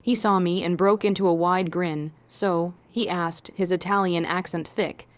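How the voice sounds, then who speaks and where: Female storyteller, lowish voice, measured dramatic first-person narration. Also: fairly even intonation, no echo.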